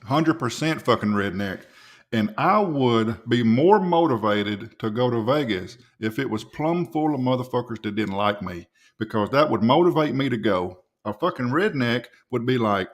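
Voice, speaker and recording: A man's voice: mid-range voice, lively intonation, moderate pace. A man reacting to a video, mocking its maker in profane, swinging commentary. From US South. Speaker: podcast reaction host.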